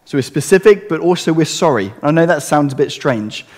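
A man preaches to his congregation in an earnest, conversational way, often turning to rhetorical questions. His voice sits somewhat high for a man. The sound carries a long reverb, as in a church hall. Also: expressive, brisk, a little mellow. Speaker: pastor. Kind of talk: sermon.

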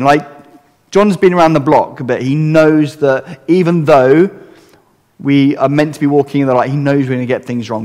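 A man's voice: mid-range voice, normal speed, darkish tone. A man preaching a sermon in an earnest, conversational way, asking rhetorical questions of his congregation. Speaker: pastor. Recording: long hall reverb.

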